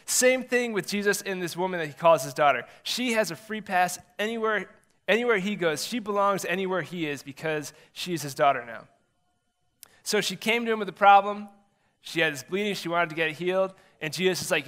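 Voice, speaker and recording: Male youth pastor, 30s, a bit high and bright, casual animated storyteller. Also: a little fast. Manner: chatty, animated storytelling with acted-out quotes. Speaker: middle school pastor.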